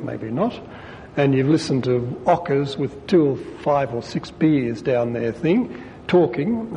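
A man, a priest giving a conversational sermon with wry asides, reading quotations aloud and rising in pitch for emphasis. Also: dark tone. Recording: long hall reverb, faint low rumble.

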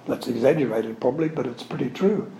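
Speaking fairly quickly in a mellow, medium-pitched voice, a Catholic religious speaker gives a spiritual talk built on wandering anecdotes and frequent self-corrections. He's earnest and emotional about his subject, and doesn't hide it. The audio carries a little hiss or hum, a roomy echo, and faint ambience.

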